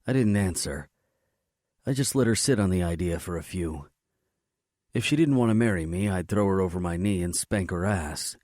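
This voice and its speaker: A man narrating a romance audiobook in the first person, matter-of-fact and low-key. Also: normal speed, darkish tone, dry recording, studio quality.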